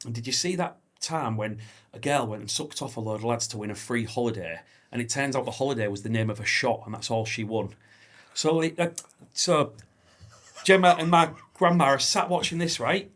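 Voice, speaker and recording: A man hosts a casual podcast chat at a medium pitch. He tells stories with real animation, swears freely and acts out other people's lines as he goes. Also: brisk, fairly bright tone. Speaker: podcast host.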